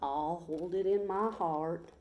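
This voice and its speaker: A woman reading a storybook aloud, voicing a cowboy man with a slow Texas drawl who whoops when excited. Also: fairly low pitch, muffled recording. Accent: Texas drawl, put on.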